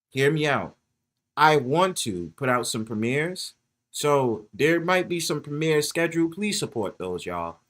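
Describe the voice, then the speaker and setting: A man's voice: mid-range voice, fairly bright tone. A man hosting a casual livestream from his phone. He swears often, laughs a lot and talks straight to his viewers in the chat. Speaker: livestream host.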